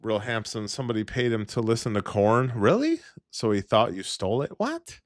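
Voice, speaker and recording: A man's voice: fairly low pitch, fairly even intonation, brisk, no echo, clean studio sound. A man hosting a casual livestream, talking in a rambling, heavily profane way and laughing often. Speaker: livestream host.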